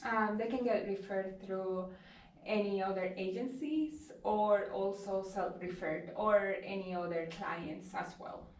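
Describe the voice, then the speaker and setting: A woman at a medium pitch answers interview questions simply, pausing with small hesitations. She sounds roomy and a bit far from the mic. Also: fairly even intonation. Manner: plain, brief answers with hesitations. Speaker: social worker guest. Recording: echoey room from a distance.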